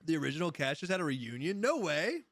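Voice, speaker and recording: A man's voice: a little high, sing-song, quick pace, fairly bright tone, no echo, clean studio sound. Chatty laughing man live-streaming. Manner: rambling storyteller, laughs often, answers chat. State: high. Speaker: livestream host. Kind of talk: casual live-stream chat.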